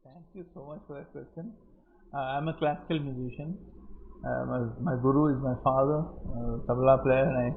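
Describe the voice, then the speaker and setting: A man, speaking as a guest to medical students and telling stories in a lively way, acting out the voices of the people he quotes. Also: medium pitch, moderate pace, vocal fry, a little hiss or hum. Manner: animated storytelling, acting out quotes. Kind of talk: lecture-style talk answering a question. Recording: muffled lo-fi audio.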